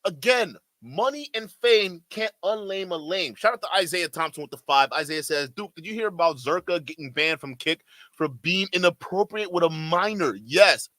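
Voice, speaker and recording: A man's voice: sits high, lively intonation, normal speed, pushed and bright, dry recording. A man streaming his reaction to a clip, mocking and ranting, with a slight stutter. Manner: mocking, mimics others in exaggerated voices; stutters at times. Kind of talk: heated reaction commentary.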